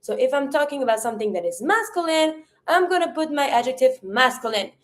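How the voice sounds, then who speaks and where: Lively French teacher, woman. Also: high-pitched, brisk. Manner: clear drilled pronunciation, repeats words in pairs. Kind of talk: online language lesson.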